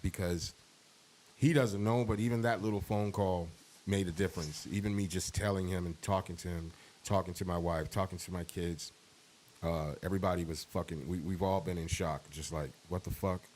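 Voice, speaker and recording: A middle-aged man talking on a podcast, heartfelt and halting, holding back tears as he speaks. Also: deep voice, fairly even intonation, darkish tone, a little hiss or hum. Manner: heartfelt, profane, halting with restarts. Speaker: podcast co-host. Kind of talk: emotional casual podcast talk.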